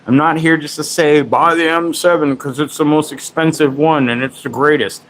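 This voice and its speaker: A man in his forties talks through gear on a live stream in a loose, rambling way, pausing with fillers. There is a faint hiss of noise in the background. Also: fairly high pitch, steady tone, fairly bright tone, low-quality recording. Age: 40s. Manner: loose, rambling, swears casually. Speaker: tech livestream host. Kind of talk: casual livestream chat.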